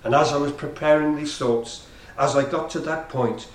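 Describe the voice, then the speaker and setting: A man's voice: on the high side, fairly even intonation, moderate pace. Man preaching in a roomy hall. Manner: rhythmic, repetitive emphatic preaching. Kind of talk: sermon. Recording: roomy, distant from the mic.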